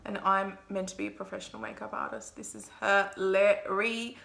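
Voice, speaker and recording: A woman's voice: mid-range voice, level tone, quick pace, vocal fry, sharp tone. A young woman, a makeup artist, chatting to viewers through a makeup tutorial vlog in a self-mocking way.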